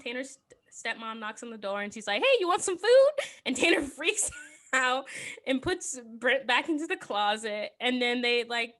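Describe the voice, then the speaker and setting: A woman talks through a movie plot for her podcast co-hosts, slipping into little voices for each character and laughing as she goes. Her voice sits a touch high and rings bright and clear. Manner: animated storytelling with voiced quotes and frequent laughter. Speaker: podcast co-host recapping a film. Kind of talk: casual chat.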